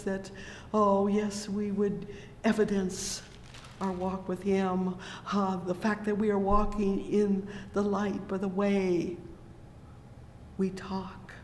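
A preacher talks through a sermon at an unhurried pace, reading verses in old scripture wording. The delivery stays level, with little rise and fall. The voice rings out in a roomy hall with a long echo. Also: medium pitch, darkish tone, slight background noise. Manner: punctuates with "oh, yes" and "praise the Lord"; reads scripture in King James wording.

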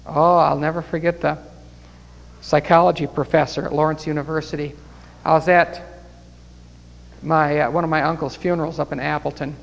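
A man's voice: on the high side, level tone, moderate pace, vocal fry, long pauses, long reverb tail, highs cut off. A man preaching a Bible study sermon and leading a closing prayer, fervent and breaking into praise. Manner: fervent, rising to exclamations of praise.

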